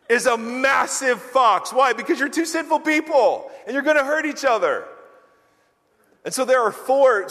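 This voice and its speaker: A middle-aged male pastor preaching a sermon, telling self-deprecating stories and acting out quotes. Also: high-pitched. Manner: animated, self-deprecating storytelling with acted quotes. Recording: long hall reverb.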